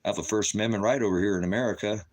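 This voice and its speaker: A middle-aged man with a very deep, low voice hosts a ministry livestream and answers his chat. He swears freely and taunts his critics in a combative way. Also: very fast, a little mellow. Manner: profane, combative, taunting, with bursts of laughter. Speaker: ministry host.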